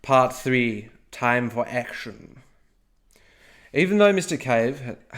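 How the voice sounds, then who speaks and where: A man co-hosting a history podcast, telling the story in a playful, joking way with lots of asides. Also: mid-range voice. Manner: playful, jokey asides, frequent "okay?". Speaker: podcast co-host.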